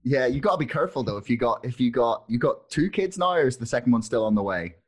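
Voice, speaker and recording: A man's voice: mid-range voice, animated, fast talker. A man hosting a casual interview, asking loose, rambling questions and laughing easily. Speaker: podcast host.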